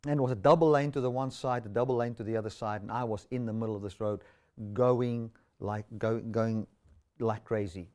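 A man preaching a sermon, telling a story and swinging between loud exclamations and quiet asides. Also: on the low side, steady tone, normal speed.

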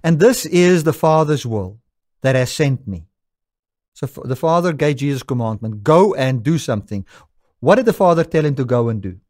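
A man's voice: medium pitch, expressive, moderate pace, darkish tone. A man preaching a sermon, quoting scripture with emphatic rises and falls. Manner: emphatic, rising and falling with scripture quotes.

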